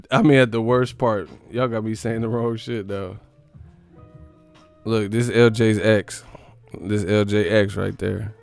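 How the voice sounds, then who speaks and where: A man hosting a live stream, giving crude, mocking commentary as he reacts to chat and often breaks into laughter. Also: medium pitch.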